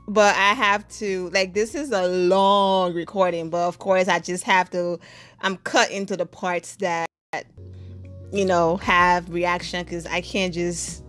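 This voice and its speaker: A woman giving a live reaction to a TV show, animated and slangy, laughing often. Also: lowish voice. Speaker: TV show reviewer.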